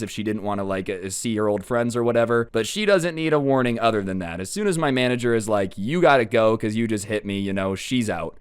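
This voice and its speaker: Young guy for a rambling storytime read; smooth tone, medium pitch. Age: young adult. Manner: rambling, full of "like" and "you know". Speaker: storytime vlogger. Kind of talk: casual storytelling.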